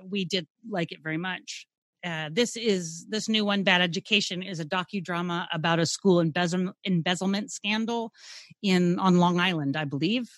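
A woman's voice: lowish voice, no room sound. A woman co-hosting a film review podcast, running through releases in casual chat with frank remarks. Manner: brisk, listing releases, frank. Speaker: podcast co-host.

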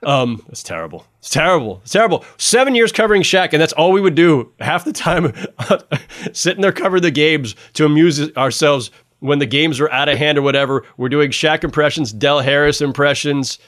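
A man's voice: a little high, normal speed. A man, a sportswriter guest, chatting casually on a sports podcast and laughing between points. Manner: animated, restarts often, laughs between points.

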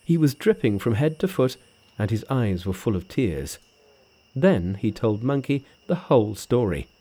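Mellow, measured male storybook narrator. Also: medium pitch, sing-song, husky. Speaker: audiobook narrator.

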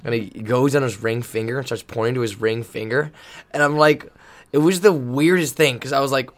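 With a medium pitch and a moderate pace, a man who coaches volleyball swaps stories on a podcast in relaxed conversation. He rambles animatedly and keeps restarting.

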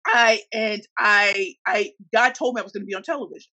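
A woman from St. Louis, Missouri, telling her business story in an interview, animated and acting out the voices of the people in it. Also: medium pitch, fairly quick, no echo, rough recording. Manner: animated, acts out quoted voices. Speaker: guest entrepreneur.

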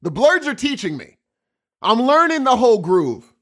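A man co-hosting a podcast, joking around in casual chat and laughing easily. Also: extremely high pitch. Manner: animated, jokey, quick to laugh. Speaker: podcast co-host.

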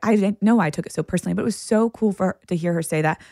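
A woman co-hosting a podcast, telling stories in a relaxed, reflective casual chat. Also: medium pitch, very fast, vocal fry, no room sound, studio quality. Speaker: podcast co-host.

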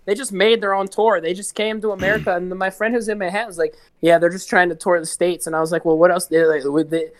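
A man's voice: sits high, steady tone, fast talker, hardly any pauses, no room sound. A man chatting as a guest musician on a casual podcast, rambling and swearing, with lots of "like". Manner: rambling, profane, heavy use of "like".

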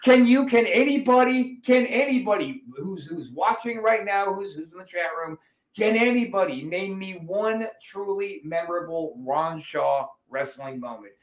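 A man with a notably high voice hosts a casual podcast, swearing freely and telling his stories with lively energy. His voice bounces around a roomy, echoey space. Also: moderate pace. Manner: profane, animated storyteller. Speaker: podcast host.

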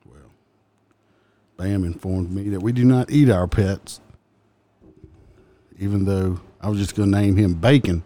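Low, dark-toned man, teasing co-host, quick with jokes. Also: steady tone. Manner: teasing, joking, laughing often. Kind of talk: casual banter.

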